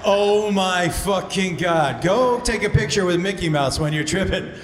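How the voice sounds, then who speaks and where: On a comedy club stage with a handheld mic, a man from Massachusetts does crowd work, rambling through loose, profane stories. His voice sits high at a measured pace. The live recording has long reverb and crowd ambience.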